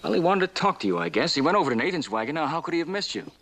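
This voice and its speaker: An actor in a 1950s western playing a blunt, sarcastic frontier husband. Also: male voice, fairly high pitch, sing-song, rapid-fire, fairly bright tone, full character voice. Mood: sardonic. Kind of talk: 1950s film acting.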